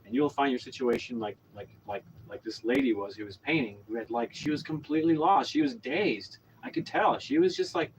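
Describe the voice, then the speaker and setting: A man's voice: mid-range voice, a little fast, few pauses, rough recording. Oklahoma guy rambling thru a story, lots of likes and you knows, faint noise behind. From Oklahoma, USA. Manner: rambling, many fillers and restarts. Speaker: vlogger. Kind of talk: casual storytelling monologue.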